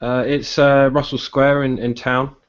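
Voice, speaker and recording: A man hosting a casual live-stream chat, chatty and often pausing on ums. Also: mid-range voice, little pitch movement. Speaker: podcast host. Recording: dull lo-fi stream audio.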